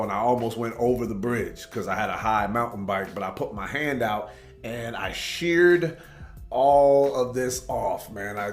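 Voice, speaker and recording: A man from Tacoma, Washington, hosting a reaction video, telling rambling, laid-back stories and saying "man" a lot. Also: lowish voice. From Tacoma, Washington, USA. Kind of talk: casual storytelling commentary. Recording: roomy echo with faint background music.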